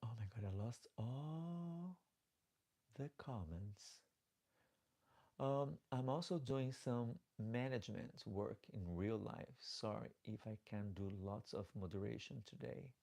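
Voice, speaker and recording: Slow gravelly guy doing a drag live stream, reads comments out loud, kinda halting, calls everyone darling. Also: fairly low pitch. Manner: chatty and affectionate, calls viewers darlings; halting, repeats and restarts words. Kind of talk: casual live-stream chat, reading viewer comments aloud.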